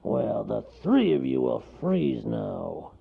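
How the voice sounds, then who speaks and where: Guy doing a grumbly old bear, gravelly and slow, lo-fi sound. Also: mid-range voice, big pitch swings, voice pushed up, exaggerated voice. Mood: grumpy. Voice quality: growling, snarling. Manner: slow, curt. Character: gruff grumpy big male bear. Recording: lo-fi recording.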